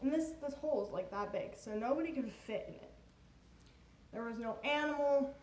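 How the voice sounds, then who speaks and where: A woman vlogger telling a story to camera in a chatty, animated way, with plenty of "like" fillers. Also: high voice, moderate pace. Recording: echoey room with loud noise.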